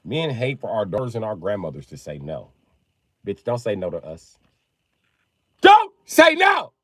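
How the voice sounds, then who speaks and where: A man live-streaming a casual comedic rant. He swears heavily, laughs at his own jokes and acts out other people in loud, high yelps. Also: animated, brisk, no room sound, poor audio. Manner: profane, jokey storyteller.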